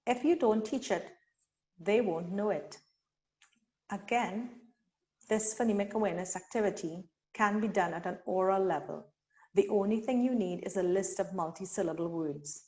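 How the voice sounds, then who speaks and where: A woman from Trinidad and Tobago leading a teacher-training webinar, speaking deliberately and sounding out syllables slowly. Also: medium pitch, darkish tone. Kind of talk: instructional webinar talk.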